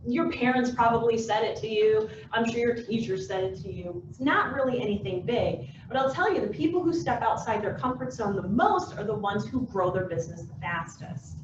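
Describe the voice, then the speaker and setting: A bubbly woman with a slightly high voice runs a lively business workshop for a live audience in a meeting room, her voice jumping all over. She's a success coach who animatedly acts out little scenes in different voices. Recorded far from the mic, the echoey room sounds dull, muffled, and a bit noisy.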